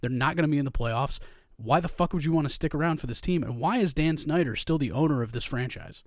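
A man's voice: a little high, quick pace, no room sound, studio quality. A man co-hosting a sports podcast, ranting with heavy profanity in a casual chat. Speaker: podcast co-host.

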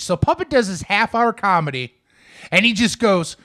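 A man's voice: sits high, big pitch swings, moderate pace, bright, forceful tone. A man co-hosting a casual podcast, telling a long rambling story full of "like" and acted-out quotes. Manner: rambling, many "like" fillers, acts out quotes. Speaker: podcast co-host.

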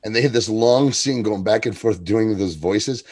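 With a voice on the low side and a moderate pace, this podcast co-host talks loosely about a TV episode. He recaps it with lots of energy, performing characters' lines in put-on voices and laughing frequently.

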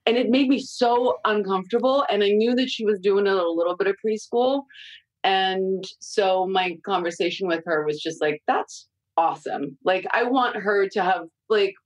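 A woman in her forties chatting candidly on a podcast, telling lively parenting stories and swearing freely. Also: medium pitch, normal speed, no room sound, rough recording. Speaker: guest consultant. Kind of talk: casual podcast chat.

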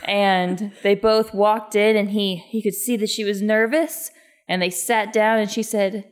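A woman's voice: mid-range voice, fairly even intonation, measured pace. A young woman in casual chat, teasing her brother and narrating an improvised scene. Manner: teasing, sisterly.

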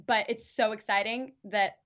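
A young actress chatting as an interview guest, rambling with lots of fillers and restarts. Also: female voice, mid-range voice, steady tone, moderate pace, a bit bright, muffled recording. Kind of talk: casual interview.

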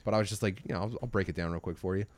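Low-voiced man telling a rambling story. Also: steady tone, rapid-fire, no room sound. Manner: rambling, profane, trails off quietly. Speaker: podcast co-host. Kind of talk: casual storytelling chat.

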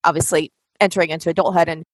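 A woman's voice: low voice, fairly even intonation, very fast, no echo. A woman from Washington State hosting a podcast, talking in a chatty, enthusiastic way. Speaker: podcast host. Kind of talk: casual podcast talk.

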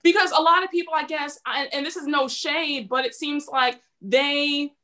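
Woman co-host, high bright tone, hesitant and thoughtful, casual podcast talk. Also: fairly even intonation, moderate pace. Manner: hesitant, full of fillers and restarts while building a point. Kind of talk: casual chat about reality TV.

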